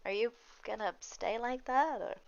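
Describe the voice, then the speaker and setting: Woman, gravelly and smooth, lo-fi. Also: a little high, moderate pace, dry recording. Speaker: player. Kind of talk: casual tabletop play. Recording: dull lo-fi mic.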